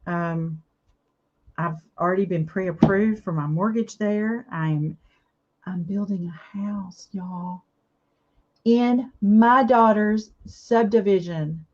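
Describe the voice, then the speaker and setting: A middle-aged woman with an easy, unhurried way of talking, speaking straight to her viewers as she works. She sounds earnest and homey, and the audio is a touch dull and lo-fi, like a home livestream. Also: fairly low pitch. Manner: chatty, earnest, addresses viewers warmly as y'all. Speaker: craft livestream host. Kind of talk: casual chat while crafting. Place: home, indoors.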